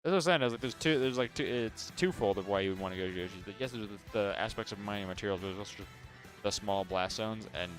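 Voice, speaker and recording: A young man commentating an esports match, giving eager, quick analysis of the plays. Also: on the low side, soft background music. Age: young adult. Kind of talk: casual play-by-play commentary.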